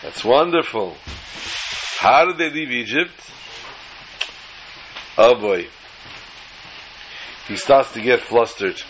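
A man's voice: mid-range voice, expressive, slow pace, pauses often, a bit bright, slight background noise, low-quality recording. A man teaching a Torah class, telling a long joke in a chatty, joking way and often repeating words. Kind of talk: storytelling lecture.

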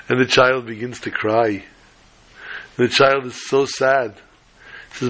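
Bright-voiced animated male preacher. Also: medium pitch, takes it slowly, pauses often, rough recording. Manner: animated, chuckling, quotes Hebrew sources. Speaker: Torah teacher. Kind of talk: sermon with storytelling.

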